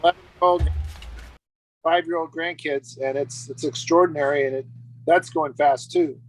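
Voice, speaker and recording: A man's voice: on the high side, steady tone, normal speed, faint music behind, low-quality recording. An older grandfather chatting casually, giving fatherly advice. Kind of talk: casual chat.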